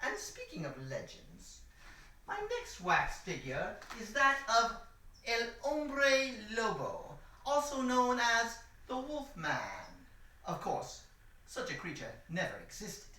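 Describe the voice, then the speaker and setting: A woman's voice: fairly high pitch, very animated, slow pace, pushed and bright, full character voice. A woman playing a pompous scheming villain professor. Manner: pompous, insulting, theatrical. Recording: echoey room, distant mic.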